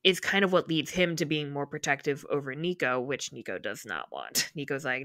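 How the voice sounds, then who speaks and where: A woman's voice: sits low, animated, normal speed, fairly bright tone, no echo, clean studio sound. A woman co-hosting a podcast, casually retelling scenes from a book and acting out the characters' lines. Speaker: podcast co-host.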